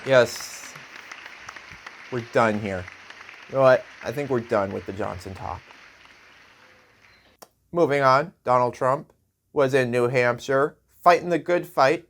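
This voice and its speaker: A man's voice: medium pitch, slow pace, pauses often, fairly bright tone, some chatter behind, a little hiss or hum. A man hosting a late-night comedy show, delivering a sarcastic news monologue and laughing at his own jokes.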